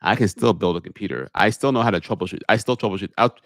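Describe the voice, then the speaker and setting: A man, an airline pilot, hosting a live question-and-answer stream from his home media room, reading viewer questions aloud and answering them in a deliberate public speaking voice into a studio microphone. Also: on the low side, fairly bright tone, dry recording. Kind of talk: live Q&A stream, casual chat. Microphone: studio microphone on a holder.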